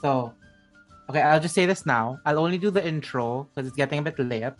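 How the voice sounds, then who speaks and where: Halting male game master narrating. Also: a little high, soft background music. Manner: halting, many restarts and fillers.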